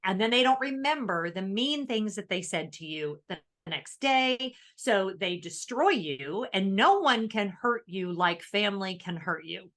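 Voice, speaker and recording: A woman co-hosting a podcast in casual chat, animated and thoughtful as she explains. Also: mid-range voice, unhurried, hardly any pauses. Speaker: podcast co-host.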